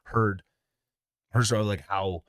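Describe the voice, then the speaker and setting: A man's voice: fairly low pitch, steady tone, fairly bright tone, no echo, studio quality. A young man from Canada, a comedian, telling candid, profane stories in a casual podcast conversation. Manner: candid, profane, rapid storytelling.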